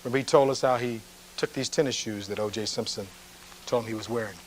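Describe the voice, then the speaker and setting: A man's voice: medium pitch, fast, slight background noise, rough recording. Man giving a courtroom closing argument. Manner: reads testimony aloud, then asks pointed rhetorical questions. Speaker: defense attorney.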